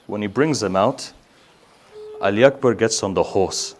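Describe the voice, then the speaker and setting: A man giving a mourning sermon, reciting slowly and rising to loud grieving cries. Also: on the low side. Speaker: Shia religious speaker.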